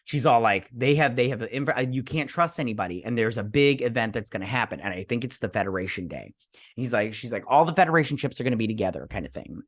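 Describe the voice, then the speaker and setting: A man talks through an episode he just watched, rambling and dipping into quick impressions of the characters. His voice sits at a middling pitch. The sound is dry and close. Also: lively intonation, no room sound. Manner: rambling, acting out quotes in passing. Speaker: show recapper. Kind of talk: casual episode recap.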